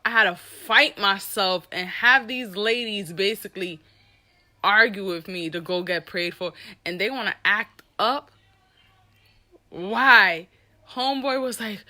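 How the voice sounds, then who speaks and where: A young woman telling a candid personal story with an animated, profane delivery, acting out the people she quotes. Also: mid-range voice, a little slow. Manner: animated, profane, reenacts dialogue.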